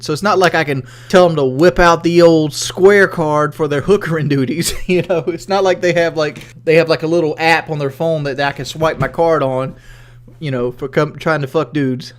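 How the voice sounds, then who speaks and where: A man's voice: a little high, steady tone, moderate pace. A man with a Southern accent, livestreaming in a rambling, profane, casual way and reading questions from chat. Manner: rambling and profane, many "like" fillers.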